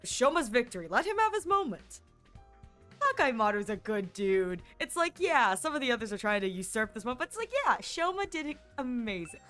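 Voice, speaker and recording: A young woman streaming a game, gushing and animated as she comments and reads lines aloud. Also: on the high side, fairly quick, soft background music. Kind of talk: let's play commentary.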